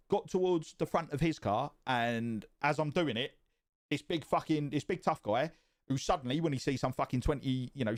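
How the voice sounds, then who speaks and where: A man casually telling a story on his stream, swearing often and getting more and more animated. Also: medium pitch. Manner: profane and animated, rising excitement.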